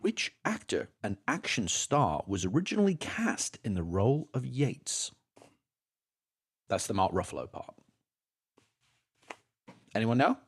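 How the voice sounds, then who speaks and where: A man co-hosting a podcast, running a quick trivia quiz in casual chat. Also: medium pitch, sing-song, breathy edge. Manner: quick, playful quizmaster. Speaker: podcast co-host.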